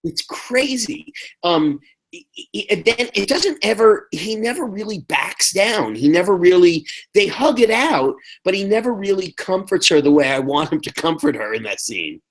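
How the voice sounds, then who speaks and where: A podcast co-host in casual chat, sarcastic, whose pitch jumps high when mocking a character and who often chimes in with quick agreement. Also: sing-song, low-quality recording. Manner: agreeing interjections.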